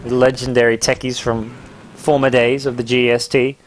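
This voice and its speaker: Excitable young English man calling a game. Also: moderate pace. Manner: excitable, jokey play-by-play with sudden rises in pitch. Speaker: game commentator. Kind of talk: live esports commentary.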